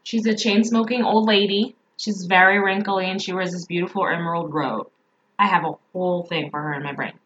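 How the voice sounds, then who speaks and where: A woman's voice: lowish voice, fairly even intonation, fairly quick, fairly bright tone, dull audio, slight background noise. A woman mindset coach giving a motivational talk, repeating emphatic affirmations.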